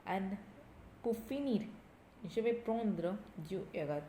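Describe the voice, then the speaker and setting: A woman leads a recorded French lesson, reading each dialogue line and translating it step by step. Her voice is mellow and warm. The room is echoey, with a faint hum of ambient noise behind her. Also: medium pitch, lively intonation, slow pace. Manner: reads dialogue lines aloud, then translates each one. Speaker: French teacher.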